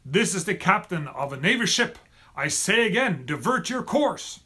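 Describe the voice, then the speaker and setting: A man doing a stern male navy captain who barks orders with growing force. The voice is husky and pitched a little high. He repeats his commands insistently. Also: lively intonation, a little fast, fairly bright tone, exaggerated voice.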